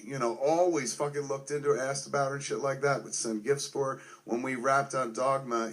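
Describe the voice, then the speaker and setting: A man in his forties, a filmmaker, giving a casual spoken tribute to a friend, swearing constantly and rambling with lots of "like" and "man". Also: medium pitch. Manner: profane, rambling, heartfelt, heavy on fillers like "like" and "man".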